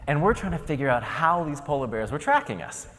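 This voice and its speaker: A man's voice: on the high side, fairly quick, a little hiss or hum. A man from Ohio giving a keynote speech, telling stories with jokes and acting out the scenes. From Ohio, United States. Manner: animated, joking storyteller acting out scenes. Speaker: keynote speaker. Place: large conference hall. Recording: long reverb of a large hall.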